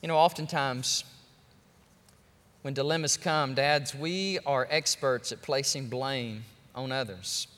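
A man preaching a sermon as pastor, animated and joking, speaking straight to his congregation. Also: mid-range voice, slow. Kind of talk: lively sermon. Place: large church sanctuary. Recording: long church hall reverb.

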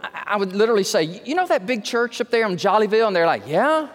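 A male pastor preaching a sermon, slowing down to stress key words and acting out quoted conversations. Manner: acts out quoted conversations with raised pitch. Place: church sanctuary. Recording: long hall reverb.

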